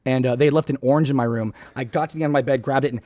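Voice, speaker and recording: A man's voice: medium pitch, steady tone, racing, darkish tone, no echo. A young man on a podcast, telling a long, rambling, self-deprecating story in a casual way, often mimicking other people. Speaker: podcast guest.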